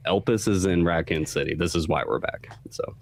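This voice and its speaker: A man's voice: low voice, normal speed, dry recording. A man co-hosting a podcast in casual chat, laid-back and full of fillers. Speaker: podcast co-host.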